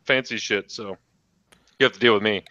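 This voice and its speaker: A man hosting a casual podcast, joking and excitable, swearing freely. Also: on the low side, a little fast, no room sound, dull audio. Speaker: podcast host.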